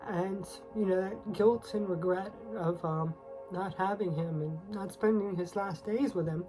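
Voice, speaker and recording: A woman's voice: mid-range voice, measured pace, rough recording. Woman tarot reader, teary, confiding, chatty with fillers, faint music behind. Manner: emotional, confiding, with frequent fillers and soft laughs. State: teary, on the verge of crying. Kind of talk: casual spoken tarot reading.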